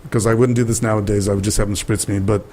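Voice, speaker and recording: An older man, a guest actor, telling lively anecdotes in an interview and acting out the people in them. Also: fairly low pitch, fast talker. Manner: animated storyteller acting out quoted voices. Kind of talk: interview storytelling.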